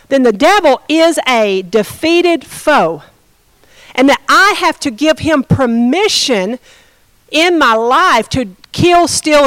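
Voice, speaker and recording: Woman pastor, high voice, sermon, questions to the congregation, dry close sound. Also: fairly bright tone, dry recording, poor audio. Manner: conversational preaching, asks the congregation questions.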